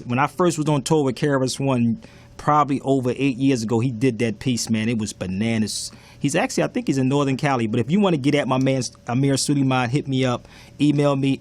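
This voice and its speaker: A man hosts a talk show, signing off in an easygoing, slangy way. His voice sits in a mid range. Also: mid-range voice. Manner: laid-back, friendly, slangy. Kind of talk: casual show sign-off.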